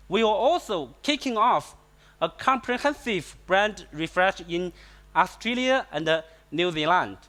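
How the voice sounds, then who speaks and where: A company executive giving a prepared speech on an event stage in short, read-out phrases. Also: male voice, sits high, sharp tone.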